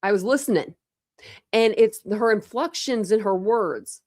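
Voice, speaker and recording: A woman's voice: medium pitch, unhurried, darkish tone, dry recording, clean studio sound. A woman hosting a casual true crime livestream, rambling chattily with lots of fillers and restarts.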